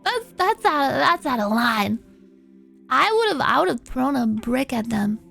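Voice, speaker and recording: A streamer casually chatting and reading viewer confessions. She is animated, breaks into squeaky outbursts and swears freely. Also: slow, gravelly, faint music behind.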